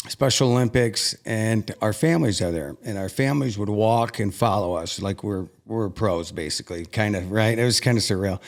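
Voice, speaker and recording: A man, a podcast guest, telling a personal story in an earnest, emotional way, often restarting his sentences. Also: on the low side.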